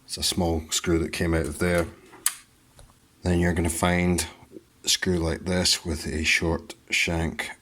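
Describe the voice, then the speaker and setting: Low-voiced man giving clipped repair steps. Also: flat delivery, slow, a bit bright. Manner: clipped, terse step-by-step phrases. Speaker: host of a repair tutorial channel. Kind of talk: hands-on repair tutorial.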